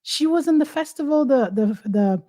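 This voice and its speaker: A woman's voice: high-pitched, lively intonation, normal speed, mellow. A woman host, chatting in an exuberant, teasing, exclamatory way. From Haiti. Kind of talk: casual talk-show chat.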